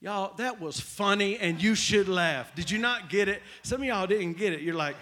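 A man's voice: sits high, normal speed, few pauses. A man preaching a sermon, often calling out to the congregation and repeating key phrases. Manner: animated, repetitive preaching with call-outs to the crowd. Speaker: pastor.

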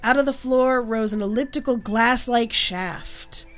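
A woman's voice: on the high side, measured pace, soft background music. A woman hosting a podcast, reading an odd story aloud and mocking it between bursts of laughter. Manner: frequent laughter, mocking asides. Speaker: podcast host. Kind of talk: casual chat, reading a text aloud.

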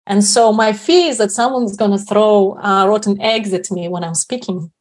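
A woman's voice: medium pitch, normal speed. Woman guest explaining with frequent "right?". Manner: frequent tag questions like "right?". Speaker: guest speaker on inner confidence. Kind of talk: reflective explanatory talk.

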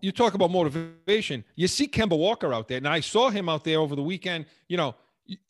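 A man co-hosting a sports talk show, his voice bouncing lively up and down as he argues his point with plenty of stops and restarts. He sits on the high side for a man. The sound is dry and close. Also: fast talker, no echo, soft background music. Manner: animated, emphatic, many restarts. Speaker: sports radio co-host.

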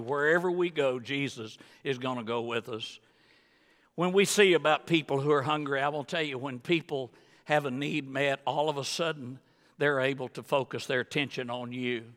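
A man preaching a sermon as guest pastor, emphatic and rising into high excited bursts, on a wireless body mic in a church. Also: normal speed, long reverb tail. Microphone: wireless body mic with battery pack.

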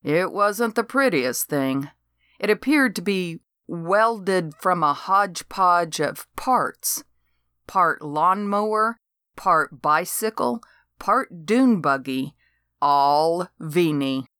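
An older woman narrating a comic novel in first person, with a dry, deadpan delivery. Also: on the low side, slow, clear, resonant tone, no room sound. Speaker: audiobook narrator.

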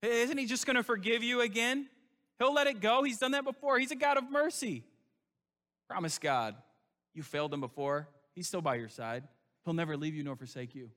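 A smooth, tempting devil coaxes and pleads, pushing higher and more insistent as he goes, as a preacher puts him on. The tone is bright and forceful, and the pitch sits a little high. A long reverb trails behind every word, as in a big church hall. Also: expressive, normal speed. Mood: coaxing.

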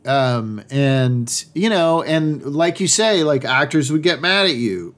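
A man's voice: on the high side, takes it slowly, hardly any pauses. Blunt man from Massachusetts. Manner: blunt, swears often, animated. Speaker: actor, podcast co-host. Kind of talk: casual chat.

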